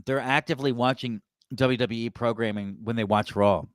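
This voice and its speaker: A man co-hosts a wrestling podcast in a casual, chatty way, laughing often and slipping into the voices of people he quotes. His voice sits mid-pitch, clear and smooth, with a dry, close sound. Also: steady tone, moderate pace, no echo. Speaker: podcast co-host. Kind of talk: casual chat.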